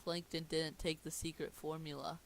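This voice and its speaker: An eager young sponge fry cook, earnest and pleading, as a casual reader voices him. He breaks into sudden shouted bursts. The feel is an amateur cartoon script reading. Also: mid-range voice, level tone, moderate pace, slight background noise, lightly acted.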